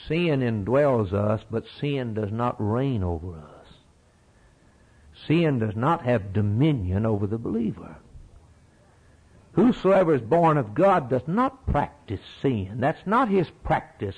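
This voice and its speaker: A man's voice: on the high side, sing-song, measured pace, slightly rough, low-quality recording. A middle-aged man preaching a sermon in a folksy, emphatic way, repeating his key phrases.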